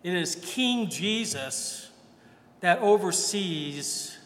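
Slow high-voiced man preaching in an echoey church. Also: animated, a bit bright. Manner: conversational preaching, acts out quoted voices. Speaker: priest. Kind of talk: sermon.

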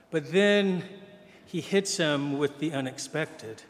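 A man's voice: a little high, takes it slowly. A man preaching a sermon as pastor, telling the gospel story conversationally and acting out the quoted voices. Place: church. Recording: long hall reverb.

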